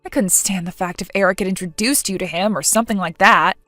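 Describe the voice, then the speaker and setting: A woman's voice: mid-range voice, fast talker, pushed and bright, dry recording, clean studio sound, faint music behind, natural voice. A woman playing an indignant, hurt young bride who speaks in an exasperated way.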